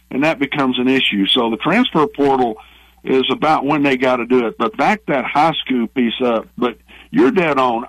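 A man's voice: mid-range voice, no echo, low-quality recording. A man with a Southern American accent, a former athletic director giving opinionated, rambling views as a radio guest. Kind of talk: phone-in guest interview.

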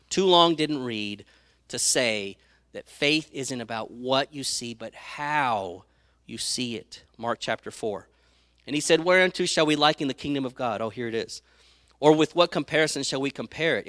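A man preaching a sermon, retelling Bible stories with lively acted-out voices and reading scripture aloud. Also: mid-range voice, no room sound, studio quality. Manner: animated storytelling, acts out quoted speakers; reads scripture aloud in old-fashioned wording.

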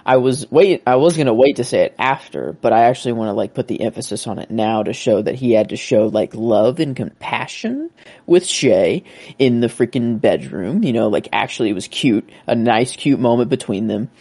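A man's voice: medium pitch, lively intonation, moderate pace, darkish tone, breathy edge, no room sound. A man co-hosting a casual chat, talking enthusiastically and rambling with many restarts. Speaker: co-host.

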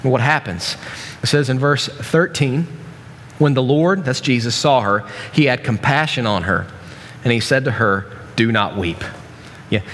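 A man's voice: medium pitch, fairly bright tone, a little hiss or hum. A man preaching a sermon in a casual, joking way, with many restarts and asides. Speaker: pastor. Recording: long reverb from a large hall.

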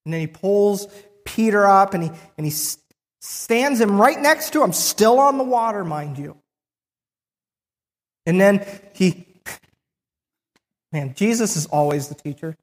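A preacher retelling a Bible story in the first person, with frequent restarts and pauses. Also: medium pitch, lively intonation, in a large hall.

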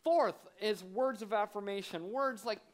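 A man preaching a sermon to a congregation, telling self-deprecating stories in a conversational, animated way. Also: high-pitched, normal speed. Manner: humorous, self-deprecating storytelling. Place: church auditorium with audience.

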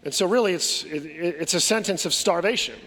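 A male pastor preaches with earnest conviction, firing rhetorical questions and circling back over his words. His voice sits a little higher than most men's. The sound rings out with a long reverb, as in a large hall. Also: fairly quick, fairly bright tone. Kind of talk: sermon.

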